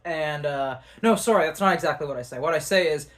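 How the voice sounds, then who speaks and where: A fairly high-voiced man tells a tense personal story straight to camera. He talks in a lively, animated way, peppered with fillers and the odd curse word. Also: fast talker. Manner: animated, swearing, many fillers. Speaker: vlogger.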